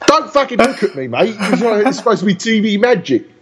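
A man's voice: sits high, sing-song, fast, crowd noise. A British man chatting casually as a podcast co-host, teasing and swearing as he chips in with jokes. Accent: British English. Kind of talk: casual chat. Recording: dull lo-fi sound.

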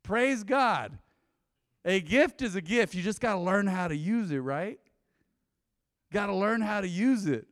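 A man preaching a sermon, telling stories and asking his congregation questions in an animated way. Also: sits high, measured pace, pauses often, clean studio sound. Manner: animated storytelling, lively asides to congregation. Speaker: pastor. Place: church sanctuary. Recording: long reverb in a hall.

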